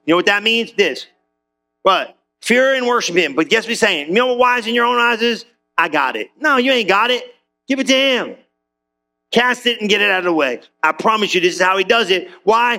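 A pastor delivers a sermon in church with a high, gravelly yet bright voice. His preaching is animated and conversational, sprinkled with asides to the congregation.

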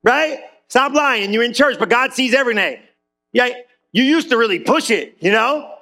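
A man's voice: very high voice, animated, normal speed, bright, forceful tone. A man preaching a sermon in church, talking to his congregation like a friend and urging them on with repeated calls for claps and amens. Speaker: pastor.

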